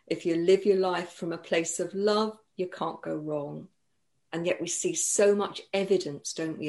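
A woman host with a somewhat low voice speaks thoughtfully and sincerely. She reflects on what her guest has said before moving to her next question. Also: a little mellow. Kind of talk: interview.

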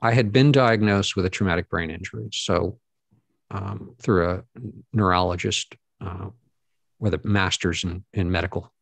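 A middle-aged man, a guest speaker, earnestly telling a personal story to an audience, halting often with fillers and restarts. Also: sits low, fairly even intonation, vocal fry, no echo.

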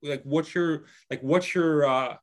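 Man asking halting questions. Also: on the high side. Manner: halting questions full of "like" and restarts. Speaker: interview host. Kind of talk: casual conversational interview.

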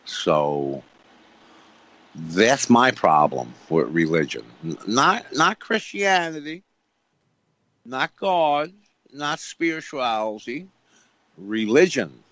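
A man's voice: mid-range voice, big pitch swings, slow pace, pauses often, fairly bright tone. A man on a radio show talking about faith emphatically, repeating himself and asking rhetorical questions. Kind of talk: preachy spiritual talk. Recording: dull lo-fi radio sound.

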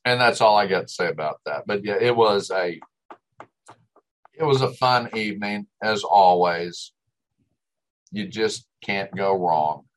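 A man hosts a casual talk show, ribbing his friends and spinning folksy stories. His voice sits a little low, and he talks in an easygoing, teasing way. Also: unhurried, pauses often, rough recording. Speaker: radio show host.

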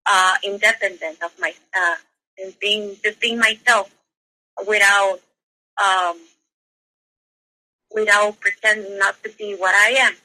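A woman guest on a talk show, telling a personal story in a halting way, with many restarts and fillers. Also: mid-range voice, fairly even intonation, bright, forceful tone, low-quality recording. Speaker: interview guest. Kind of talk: casual spoken storytelling.

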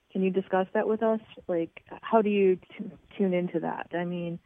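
A woman's voice: fairly low pitch, no room sound. A woman interviewing a guest, chatty and frank, asking questions in a casual way. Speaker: radio interviewer. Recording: tinny dry phone-like sound.

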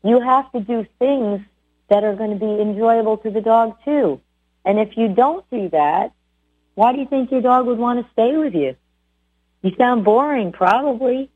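A woman hosting a radio show about dog training, coaching listeners in a lively, direct way. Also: a little high, normal speed, slightly rough. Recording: tinny phone-like sound.

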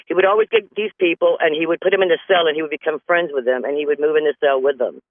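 A man's voice: fairly high pitch, quick pace, dry recording. A man from North Carolina hosting a show with a rambling comedy monologue, often laughing at his own jokes. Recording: tinny phone-line sound, dry.

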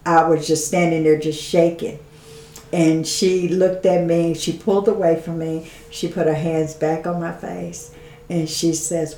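A woman, a guest on an interview show, giving a heartfelt personal testimony as an animated storyteller who laughs often and drops to a hush when quoting others. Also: lowish voice, unhurried, roomy sound, slight background noise.

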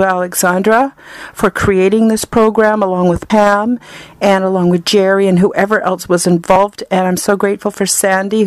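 A woman's voice: mid-range voice, dry recording. A woman from Canada, giving an earnest, effusive personal testimonial.

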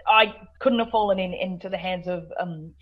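A woman's voice: lowish voice, moderate pace, narrow, tinny audio. An Australian woman from South Australia, a guest author chatting in a radio interview, full of fillers, restarts and laughter.

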